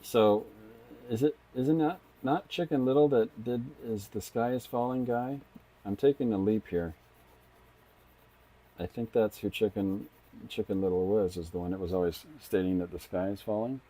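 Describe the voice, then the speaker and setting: Casual live-stream chatter comes from a middle-aged comic artist who thinks aloud as he draws, frequently starting over. He speaks at a moderate pace in a fairly low, mellow voice.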